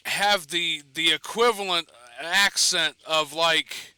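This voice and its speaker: A man's voice: on the high side, takes it slowly, sharp tone, clear, resonant tone, no echo. A man giving casual, rambling gameplay commentary while streaming, swearing and laughing between asides. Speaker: gaming streamer.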